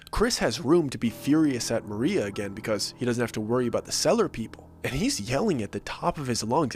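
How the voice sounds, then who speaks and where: A man narrating a first-person scary story in an animated, suspenseful way, acting out the dialogue as he goes. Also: medium pitch, slight background noise.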